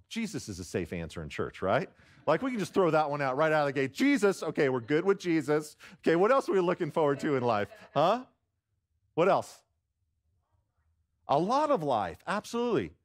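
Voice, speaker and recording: Speaking at a normal pace in a fairly high, very animated voice, this guest pastor jokes warmly with the congregation in a church sanctuary and coaxes answers from them in call-and-response. He pokes fun at himself and restarts his sentences often. Emotion catches in his throat as though he's near tears.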